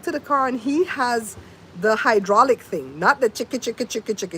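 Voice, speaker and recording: Animated grandma host, high voice. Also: female voice, a little fast. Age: older. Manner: animated, mimics sounds, talks to viewers by name. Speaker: livestream host. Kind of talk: casual livestream chat and storytelling. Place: outdoors in wind. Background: faint wind noise.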